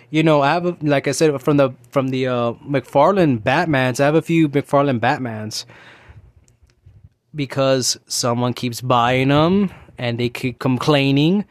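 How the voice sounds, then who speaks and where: A man's voice: medium pitch, dry recording, clean studio sound. A man in his thirties hosting a casual solo talk show, rambling and ranting, with many restarts and fillers. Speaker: podcast host.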